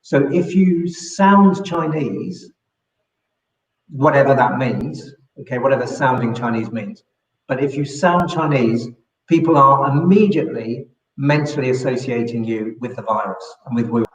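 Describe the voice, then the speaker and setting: A man's voice: medium pitch, measured pace. London man, echoey room. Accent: London English. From London, England. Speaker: guest. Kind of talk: conversational interview.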